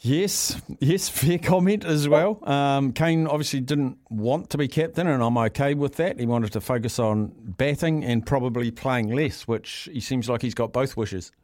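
A man's voice: medium pitch, normal speed, few pauses, darkish tone, no echo, clean studio sound. Easygoing New talkback host man. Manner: easygoing, teasing, chatty. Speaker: radio host. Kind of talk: casual talkback radio.

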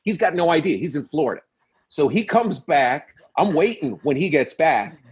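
A man's voice: a little high, animated, normal speed, breathy edge. A middle-aged man, a guest telling a long comic story with punchy, acted-out quotes. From New York City. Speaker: guest comedian. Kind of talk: animated storytelling on a podcast.

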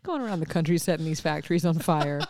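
A woman's voice: deep voice, lively intonation, a little mellow. A young woman co-hosting a podcast, chatting casually about odd news with jokes and laughs. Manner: laughing, joking, quick asides. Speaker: podcast co-host.

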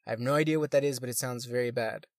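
A man's voice: medium pitch, racing, no echo. A man reading news articles aloud and adding crude, swearing comments between them, sometimes stumbling over words.

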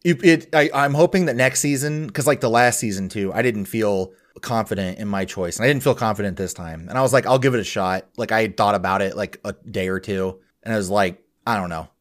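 Low-voiced man chatting loosely on a podcast. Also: a little fast, hardly any pauses. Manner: loose and profane, laughing often. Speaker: podcast co-host. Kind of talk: casual chat.

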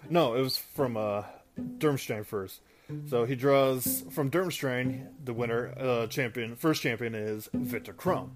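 Over background guitar music, a man in a mid-range voice speaks a little slowly as a host recounting a film's story. He rambles, restarts, uses many fillers and laughs when he trips up.

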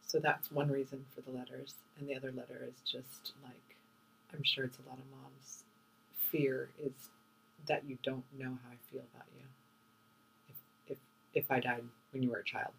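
A middle-aged woman, a mother co-hosting a podcast, speaking softly and reflectively about the past. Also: a bass voice, little pitch movement, normal speed, creaky. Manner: soft-spoken, emotional, reflective. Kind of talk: casual chat. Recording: distant mic with faint hum.

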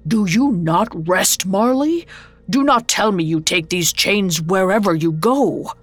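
A woman's voice: medium pitch, lively intonation, takes it slowly, no echo, soft background music. A woman voicing a miserly, skeptical old businessman who scoffs and brushes things off, in an audio drama reading. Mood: alarmed. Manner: scoffing, stubborn, dismissive.

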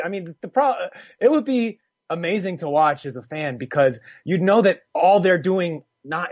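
A man's voice: high-pitched, dry recording, highs cut off. A man co-hosting a boxing podcast, talking in a laid-back, rambling way. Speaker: podcast co-host. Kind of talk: casual chat.

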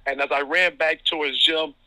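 A man from Ohio, a basketball referee, speaking with a very bright, forceful tone. He tells stories about coaches in a chuckling, chatty way, full of fillers. The sound is dry and close. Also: on the high side, fairly even intonation, moderate pace, no room sound, poor audio. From Toledo, Ohio. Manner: chuckling, anecdotal, lots of fillers. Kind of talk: casual storytelling interview.

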